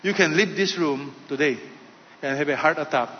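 A man preaching a sermon in short, emphatic phrases, rising loud and falling quiet. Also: on the high side, moderate pace, slight background noise. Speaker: pastor. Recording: dull sound with long hall reverb.

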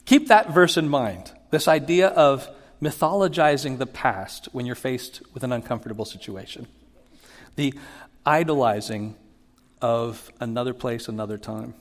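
A man giving a sermon as a pastor, teaching in an animated way and acting out Bible quotes with rising emphasis. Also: mid-range voice, moderate pace. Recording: long hall reverb.

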